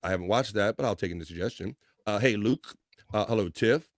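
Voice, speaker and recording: A man's voice: lowish voice, fairly quick, dry recording, clean studio sound. Joking man hosting a livestream. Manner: loose, joking, reads chat aloud with bursts of excitement. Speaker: livestream host. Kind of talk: casual chat reading viewer comments.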